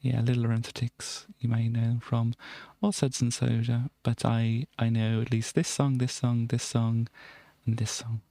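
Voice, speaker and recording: A woman's voice: a bass voice, flat delivery, moderate pace, dark tone, dry recording. Rambling woman streamer, dry sound. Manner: rambling, chuckling, with frequent ums and self-corrections. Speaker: livestream host. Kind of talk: casual stream chat reading out old music charts.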